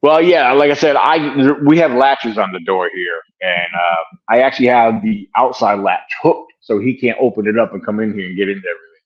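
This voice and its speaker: A man's voice: fairly low pitch, fairly quick. Older male guest, rambling, filler-heavy, muffled home call audio. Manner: rambling, many fillers and restarts, chuckles. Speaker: wildlife and bigfoot researcher guest. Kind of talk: casual interview answers. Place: home room by the garage.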